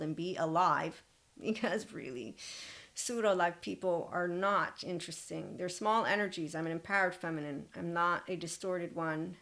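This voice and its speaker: A woman's voice: on the low side, a bit bright. Blunt, laughing woman podcast host. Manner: blunt, swears freely, laughs often; rambling, restarts and self-corrections. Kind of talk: solo podcast monologue.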